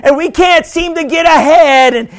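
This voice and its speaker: A man preaching a sermon as pastor, with sudden shouts and many repeated words. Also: very high voice, normal speed.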